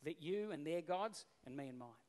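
A man's voice: a little high, expressive, moderate pace, darkish tone, pitched below the performer's own voice, natural voice. A man voicing a bold, blunt male prophet who talks in a casual, matter-of-fact way. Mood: defiant. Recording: long reverb in a hall.

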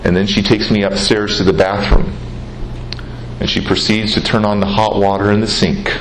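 A man giving an earnest personal testimony speech, telling his story with dramatic pauses and repetition. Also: lowish voice, level tone. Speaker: public speaker. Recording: roomy hall, faint noise.

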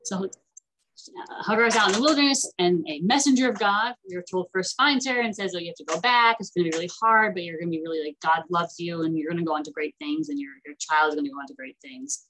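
A woman teaching an online class in a chatty, animated way, acting out the characters as she retells stories. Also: on the low side, a little fast, low-quality recording.

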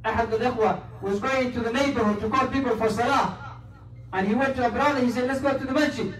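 High, fast-talking preacher in a roomy hall. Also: male voice, fairly even intonation, a bit bright, far from the mic. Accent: Somali. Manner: earnest, mixes English with quoted Arabic. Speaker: preacher giving a Friday sermon. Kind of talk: sermon. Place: mosque prayer hall.

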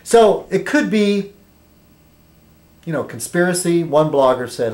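A man's voice: fairly high pitch, lively intonation, darkish tone, a little hiss or hum. Chatty man in an echoey room. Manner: reads aloud haltingly, stumbles on foreign words. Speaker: vlogger. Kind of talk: rambling political commentary.

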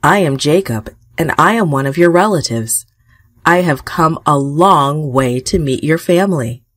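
A woman voicing a polite young man far from home, speaking gently and courteously in a children's storybook. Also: sits low, expressive, a little slow, dry recording, studio quality, exaggerated voice.

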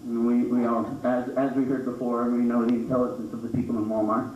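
A man doing a stand-up comedy set on a small club stage, jumping into high squeaky voices for the characters in his stories. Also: completely flat delivery, quick pace, darkish tone. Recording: roomy, distant, dull club recording with noise.

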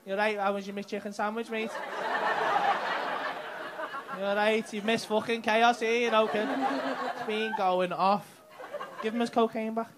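A man's voice: high voice, steady tone, unhurried, pauses often. A man doing cheeky, crude crowd work on a comedy club stage. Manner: cheeky, crude banter with the audience. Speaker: stand-up comedian. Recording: live club with loud crowd and noise. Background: loud crowd laughter.

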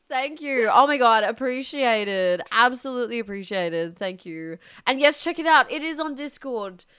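A high-voiced woman on a live stream, reacting to a clip and repeatedly collapsing into a goofy, helpless laugh. She talks slowly and sounds breathless and lightheaded between giggles. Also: lively intonation, bright, forceful tone, clear, resonant tone. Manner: keeps breaking into helpless laughter.

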